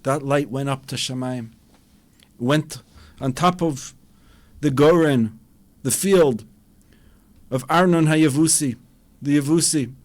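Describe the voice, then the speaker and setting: A man's voice: fairly high pitch, slow pace, long pauses. A man, a rabbi, giving an impassioned Torah lecture and acting out dialogues with a rising voice.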